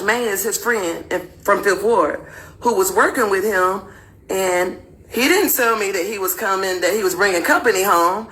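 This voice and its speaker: A woman's voice: medium pitch, moderate pace, low-quality recording. A woman telling her own story to viewers candidly and animatedly. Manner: animated, acts out quotes in raised voice.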